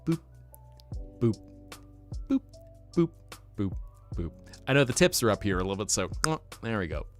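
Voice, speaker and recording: Playful lowish-voiced male streamer. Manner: playful, teasing, jokey. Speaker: VTuber streamer. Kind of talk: casual live-stream chat.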